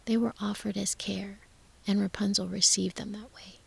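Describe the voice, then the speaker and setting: A woman whispering a calm, slow sleep story for adults as its storyteller. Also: mid-range voice, creaky, slightly rough. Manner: slow, hushed, soothing whisper.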